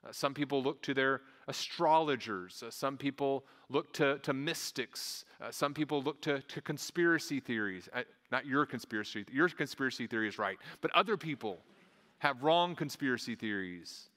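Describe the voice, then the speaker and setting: A man's voice: mid-range voice, lively intonation, normal speed, fairly bright tone, big-room sound. A man preaching a sermon in a conversational way, stumbling over restarts and adding small asides. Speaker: pastor.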